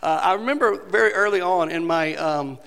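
A man's voice: high voice, fairly quick, vocal fry, fairly bright tone. A male pastor preaching a sermon, earnest and rising to emphatic passages. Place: church sanctuary. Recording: long reverb of a large hall.

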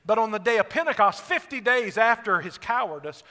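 High-voiced fervent preacher in a reverberant church. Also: male voice, animated, a little fast. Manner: fervent preaching, swinging from hushed to near-shouting. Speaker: pastor. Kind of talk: sermon. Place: church sanctuary. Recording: long reverb of a church hall.

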